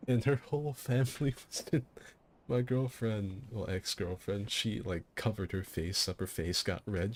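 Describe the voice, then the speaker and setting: Low-voiced man telling rambling stories. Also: a little slow. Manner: rambling, self-interrupting, laughing at his own jokes. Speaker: streamer hosting a game fight night. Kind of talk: casual storytelling over gameplay.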